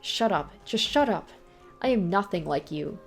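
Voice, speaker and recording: A woman's voice: medium pitch, lively intonation, normal speed, soft background music, natural voice. A woman reading a visual novel aloud in the voice of a young male ruler, brooding as he tells his story. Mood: defiant. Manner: brooding, first-person storytelling.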